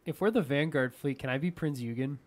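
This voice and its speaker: A man co-hosting a casual podcast, quick and teasing. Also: medium pitch. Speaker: podcast co-host.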